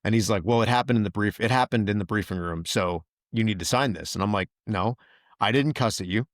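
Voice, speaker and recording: A man with a low voice tells his story casually and animatedly, and his voice rises when he acts out what others said. The recording is dry and close, with no room echo. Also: a little fast. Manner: animated retelling, quotes others in raised voice. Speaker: podcast host, veteran.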